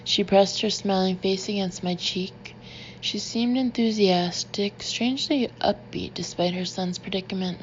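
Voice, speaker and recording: A woman narrating an audiobook in the first person, with a steady and measured delivery. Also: mid-range voice, muffled recording, slight background noise.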